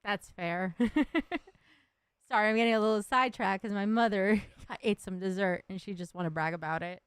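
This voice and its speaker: A woman hosts a relaxed interview over a video call, friendly, giggly and loose in phrasing. Her voice is smooth and mid-pitched, recorded close and dry. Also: normal speed, no echo. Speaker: podcast host. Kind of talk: casual interview.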